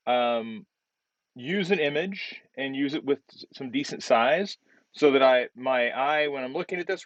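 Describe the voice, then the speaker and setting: A male design instructor giving relaxed feedback on a student's project while demonstrating on screen, often repeating words as he works. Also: medium pitch, no echo, muffled recording.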